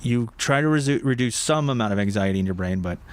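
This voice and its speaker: A man's voice: medium pitch, expressive, fast talker. A man co-hosting a casual livestream from a motorcycle shop showroom, rambling and self-correcting, laughing easily.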